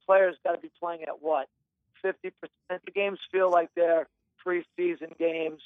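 A man's voice: on the high side, flat delivery, a little slow, no echo. A man co-hosting a sports betting podcast, giving firm, blunt opinions. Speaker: podcast co-host. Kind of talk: casual sports betting chat. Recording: phone-like line.

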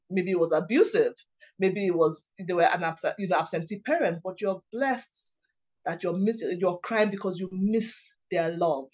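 A woman's voice: fairly low pitch, darkish tone. A woman, a lawyer and writing coach, telling heartfelt personal stories in an earnest way, full of "you know" fillers and restarts. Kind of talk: reflective personal storytelling.

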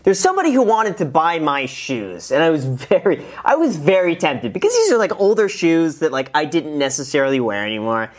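A man hosting a reaction video, chatting casually and incredulously about clips he plays. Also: fairly high pitch. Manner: chatty, incredulous, with restarts and asides to a producer.

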